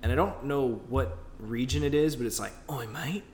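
A man's voice: medium pitch, brisk. A man chatting loosely, wandering through his thoughts and groping for the right words. His voice rings in an echoey room, with a faint hum of noise behind it. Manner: rambling, searching for words. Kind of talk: casual chat.

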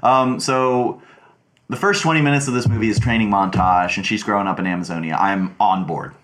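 A man with a very low, deep voice hosts a relaxed movie discussion. He steers the talk and teases the others as he goes. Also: brisk. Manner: teasing, leads the discussion. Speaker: podcast host. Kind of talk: casual chat, movie review.

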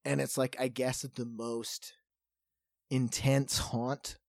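A man's voice: mid-range voice, slow, creaky, no room sound, studio quality. A man co-hosting a podcast, telling a long story in casual chat with lots of fillers. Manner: rambling, animated storytelling with many fillers. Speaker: podcast co-host.

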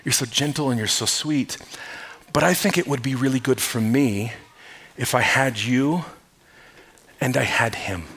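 A man's voice: medium pitch, measured pace, pauses often, fairly bright tone, slightly rough, pitched below the performer's own voice. A man voicing a doting young bride who speaks in a sweet, pleading way.

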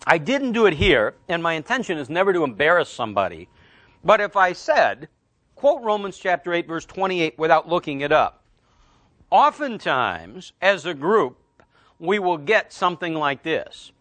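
Pastor, male, middle-aged, storytelling sermon with deliberate slow emphasis, fairly high voice, dry recording. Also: very animated, fairly bright tone, dry recording. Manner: storytelling, slows right down on key phrases.

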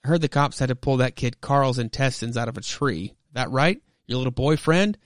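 Teen bully, taunting and loud, dry close sound; a man reads him. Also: mid-range voice, a little fast, no room sound, natural voice. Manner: taunting, aggressive. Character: hostile teenage boy bully.

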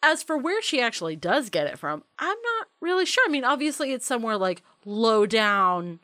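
A woman's voice: fairly high pitch, very animated, moderate pace, bright, forceful tone, no echo, clean studio sound. Playful, chatty woman discussing a movie. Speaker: podcast co-host.

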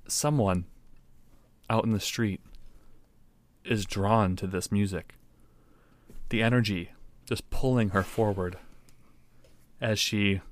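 A man's voice: lowish voice, dry recording. A man narrating a tabletop game as game master in a laid-back, dry way.

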